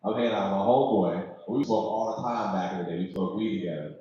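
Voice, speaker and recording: Low-voiced rambling comic. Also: male voice, quick pace, mellow, recorded from a distance. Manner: casual, rambling, filler-heavy. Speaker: comedian. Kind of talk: stand-up comedy set. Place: comedy club open mic. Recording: echoey room from afar, dull lo-fi.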